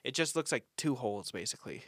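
A man co-hosting a chatty podcast, reading facts aloud between laughs. His voice sits at a middle pitch, recorded close and dry with no room sound. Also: big pitch swings, quick pace, a bit bright, husky, dry recording. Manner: reads facts from notes, laughs often. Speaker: podcast co-host. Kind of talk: casual chat, reading notes.

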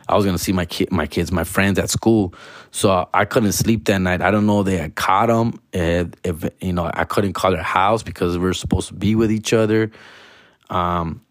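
A man's voice: on the low side, dry recording, clean studio sound. A man in his forties telling a personal story in casual, profane street slang, tagging lines with fool and dog and slipping into Spanish now and then. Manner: slips into Spanish phrases.

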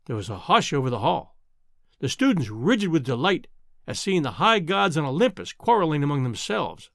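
A man narrating a classic novel in a measured, expressive audiobook style. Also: a little high, creaky, no room sound, clean studio sound. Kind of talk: audiobook storytelling.

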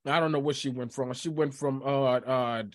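A man in easygoing conversation who tells stories with lots of life, acting out how he reacted. His voice sits at a middle pitch, and the sound is dry and close with no room behind it. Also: normal speed, no room sound. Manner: animated storyteller, acts out his own reactions. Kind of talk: casual chat.

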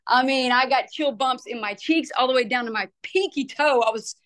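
A middle-aged woman with a drawl tells a story with lots of energy and emphasis. Her voice sits a little high. She acts out what others said as she goes. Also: normal speed, a bit bright. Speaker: retiring softball coach, guest. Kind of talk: animated storytelling.

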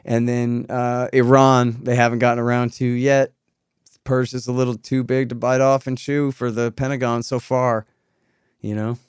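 A man hosting a political interview, ranting sarcastically and swinging from quiet asides to loud outbursts. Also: mid-range voice, little pitch movement, moderate pace, clear, resonant tone, no echo, studio quality. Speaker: host.

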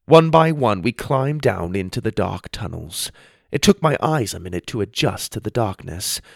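Expressive male storybook narrator. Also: fairly low pitch, moderate pace, gravelly, dry recording, studio quality. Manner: expressive first-person storytelling. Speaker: audiobook narrator.

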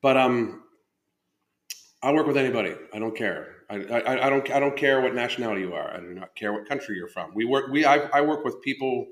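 A man's voice: mid-range voice, a little fast. Swearing male live-stream host, roomy sound. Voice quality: loose, profane, self-interrupting talk. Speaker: podcast host and fitness coach. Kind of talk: casual live-stream chat. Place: indoor room at home. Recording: roomy echo.

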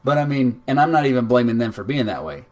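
A man chatting casually, relaxed, thinking aloud with fillers. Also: medium pitch, quick pace. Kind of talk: casual podcast chat.

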